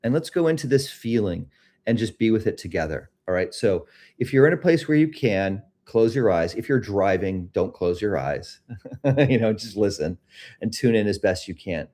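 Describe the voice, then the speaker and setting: Man, middle-aged, low voice, mellow tone, self-help host, reflective, guided meditation. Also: lively intonation, normal speed. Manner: reflective, self-disclosing, gently guiding. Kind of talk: casual talk leading a guided meditation.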